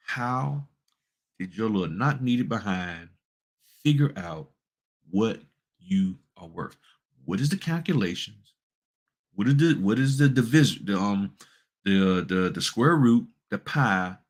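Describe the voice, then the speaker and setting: A man's voice: lowish voice, breathy edge. A man hosting a notary business channel, talking casually and bluntly, firing off rhetorical questions in a colloquial way. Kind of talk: casual advice talk with screen walkthrough.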